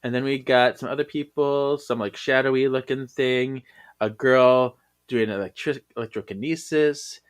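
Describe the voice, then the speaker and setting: A man co-hosting a casual podcast, describing comic pages as he goes. He talks loosely and laughs a lot. His voice sits at an ordinary middle pitch. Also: fairly even intonation, normal speed, clear, resonant tone. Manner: chatty, laughs a lot, hesitant with fillers and restarts. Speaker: podcast co-host. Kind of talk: casual comic read-along chat.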